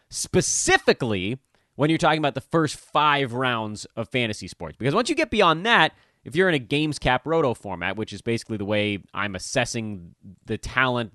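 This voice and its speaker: A man's voice: medium pitch, no echo. Guy hosting a podcast solo, bouncy rambling talk, dry close mic. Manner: lively, rambling, jokey. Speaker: podcast host.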